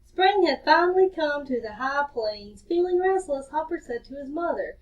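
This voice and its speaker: A woman reads a children's story aloud in a cheerful, expressive way. Her voice sits high. The recording sounds dull and comes from some distance from the mic. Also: moderate pace, hardly any pauses.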